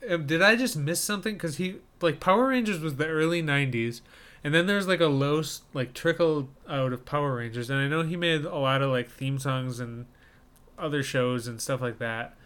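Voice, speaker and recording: A man's voice: fairly high pitch, normal speed, a bit bright, clean tone. A man co-hosting a casual movie-trailer podcast, chatting loosely with plenty of likes and ums. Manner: conversational, lots of likes and ums. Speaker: podcast co-host reviewing trailers. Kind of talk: casual chat.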